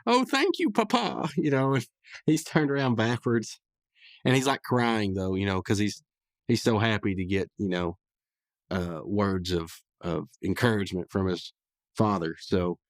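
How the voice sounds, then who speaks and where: A man's voice: lowish voice, fairly even intonation, measured pace, dry recording, clean studio sound. A man hosting a casual podcast, rambling through a cartoon episode recap with frequent chuckles and fillers.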